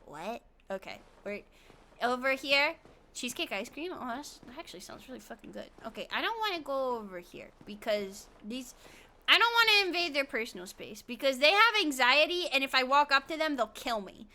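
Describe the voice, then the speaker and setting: A woman's voice: sits high, very animated, fairly quick, sharp tone. A woman streaming a video game, chatting casually, giggling often and swearing playfully. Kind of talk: casual gaming commentary.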